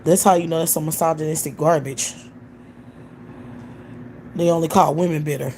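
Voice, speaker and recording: Low, dark-voiced woman ranting profanely. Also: fairly even intonation, normal speed, slight background noise. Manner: blunt, profane, heated. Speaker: livestream host. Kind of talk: ranting livestream commentary. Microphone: computer or phone mic on a livestream.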